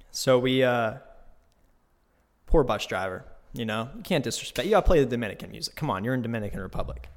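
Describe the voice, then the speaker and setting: A man hosting his own podcast, telling a trip story in a casual, profane, animated way from a new, unfurnished home studio. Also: mid-range voice, fast. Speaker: podcast host. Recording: echoey bare room.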